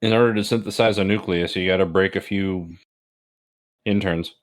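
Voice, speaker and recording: A man with a fairly low voice co-hosts a comedy podcast, tossing off jokes and quick asides while watching an old movie. He laughs often and keeps the banter casual. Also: fairly even intonation. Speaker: podcast co-host. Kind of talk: casual movie riffing commentary.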